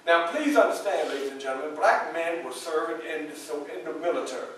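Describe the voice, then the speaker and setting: A man's voice: on the high side, brisk, slight background noise, lightly acted. An actor playing a dignified 19th-century abolitionist, telling his story straight to a live audience. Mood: earnest. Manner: addresses the audience directly, animated storytelling. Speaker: historical reenactor. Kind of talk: first-person historical portrayal for a live audience. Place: library event room. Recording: echoey room from far off.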